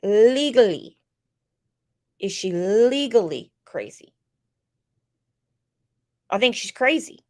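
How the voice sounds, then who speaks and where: A woman's voice: mid-range voice, big pitch swings, takes it slowly, long pauses. A woman with a stuffed-up, congested voice hosting a true crime livestream, greeting viewers by name and giving blunt opinions in casual chat.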